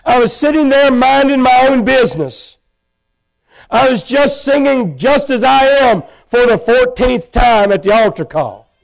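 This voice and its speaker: High-voiced gravelly preacher. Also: male voice, animated, unhurried. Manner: emotional storytelling, rises to loud pleading. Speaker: pastor. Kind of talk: sermon testimony. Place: church sanctuary.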